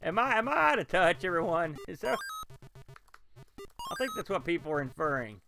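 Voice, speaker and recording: A man commentating live as he plays old video games, talking to his chat and reacting loudly to what happens on screen. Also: high voice, moderate pace, vocal fry, music in the background. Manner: excitable, reacts loudly to gameplay and talks to chat. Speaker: game streamer. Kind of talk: live game-stream commentary.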